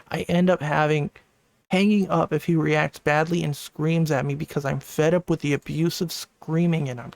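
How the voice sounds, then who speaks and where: A YouTuber hosting a commentary channel reads screenshots aloud and drops in casual, conversational asides. His voice sits on the high side with a creaky texture, and there's no echo.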